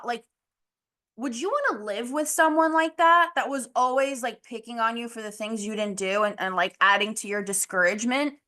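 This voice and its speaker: Chatty motivational woman, slightly higher voice. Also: a bit bright. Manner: candid, chatty, frequent "like" and "you know", mild swearing. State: losing her voice, clearing throat. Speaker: podcast host. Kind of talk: casual motivational monologue.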